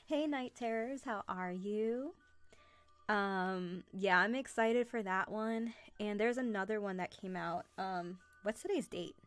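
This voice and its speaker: A woman's voice: mid-range voice, unhurried, faint music behind. Chatty young woman hosting a live stream. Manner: chatty, excitable, greets viewers by name. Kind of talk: casual live-stream chat with viewers.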